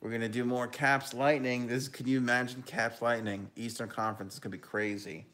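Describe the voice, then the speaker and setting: A young man hosts a live hockey talk stream, reacting to the final goal and reading out viewer messages. His voice sits at an ordinary middle pitch. He breaks into loud, excited bursts. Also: fairly quick.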